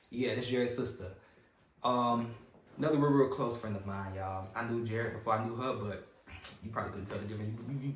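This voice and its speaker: Candid young man, low voice, roomy echo. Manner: candid, acts out his own past thoughts and others' words. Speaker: podcast regular telling his story. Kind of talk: personal storytelling on a podcast.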